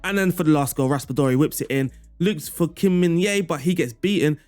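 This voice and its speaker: A man's voice: fairly high pitch, a little fast, darkish tone. A man giving an upbeat, playful walkthrough of a video game tactic, chuckling now and then as he explains. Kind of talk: casual gameplay walkthrough commentary. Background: faint background music.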